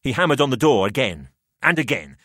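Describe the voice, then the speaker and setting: A man narrating a macabre tale in the first person, expressive and dramatic. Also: medium pitch, brisk, no room sound, clean studio sound. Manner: expressive, rising to frantic shouts in dialogue.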